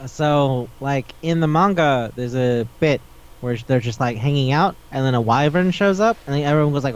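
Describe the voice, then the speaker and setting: A man co-hosting a casual podcast about anime and manga. He talks animatedly, swears freely and keeps slipping into quick voices for the characters. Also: mid-range voice, clean tone. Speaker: podcast co-host. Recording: dull lo-fi sound.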